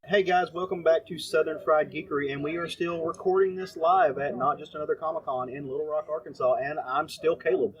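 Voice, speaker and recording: A man's voice: a little high, fairly even intonation, fairly quick, hardly any pauses, lo-fi sound, heavy background noise. A man hosting a podcast, chatting casually and upbeat, recording live at a comic convention. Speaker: podcast host. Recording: roomy echo.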